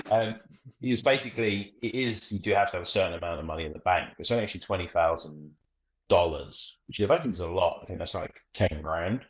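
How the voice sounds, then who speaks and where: Deep-voiced Essex man, easygoing. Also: animated, normal speed, poor audio. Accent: Essex English. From England. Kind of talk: casual chat.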